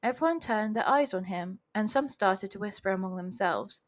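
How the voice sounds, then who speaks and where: A woman's voice: mid-range voice, animated, moderate pace. A young woman reading a novel aloud at home, breaking off with chatty, giggly comments. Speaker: reader of a novel. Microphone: home voice recording.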